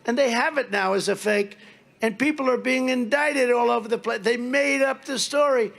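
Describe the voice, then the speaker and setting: This rally speech comes from a man whose high voice has a gravelly edge and a fairly bright tone, delivered at normal speed. His style is casual and loose as he spins rambling, mocking anecdotes and briefly plays out little dialogues between characters.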